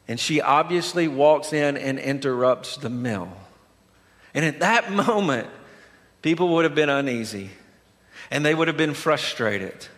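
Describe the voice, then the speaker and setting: A man's voice: sits high, fairly bright tone, in a large hall. A man preaching a sermon as pastor, dramatic and storytelling, acting out the voices in the story. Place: church sanctuary.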